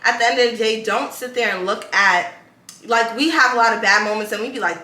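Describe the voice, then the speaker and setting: A woman's voice: fairly high pitch, a little fast, sharp tone, reverberant. A woman hosting a podcast, telling stories casually with slang and laughter. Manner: loose storytelling with slang and laughs. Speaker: podcast host. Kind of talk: casual chat.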